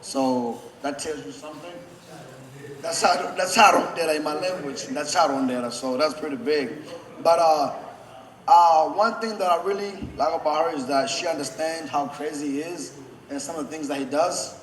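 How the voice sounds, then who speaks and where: A man giving a best man's toast, choked up and holding back tears, halting with many fillers and restarts. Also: fairly high pitch. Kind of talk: wedding toast. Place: wedding reception hall. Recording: echoey reception hall with faint background noise.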